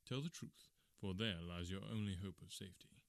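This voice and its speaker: A man voicing a calm, stern middle-aged male detective in measured, quiet tones in an audiobook. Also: deep voice, gravelly, dry recording. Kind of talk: audiobook character reading.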